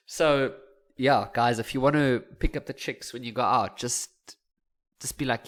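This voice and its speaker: A young man with a South African accent talks through a chemistry lesson in a casual, joking manner. His voice sits at an ordinary middle pitch. He laughs at his own asides and chats freely between steps. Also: lively intonation, normal speed, fairly bright tone. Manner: chatty, jokey, laughs at his own jokes. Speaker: teacher.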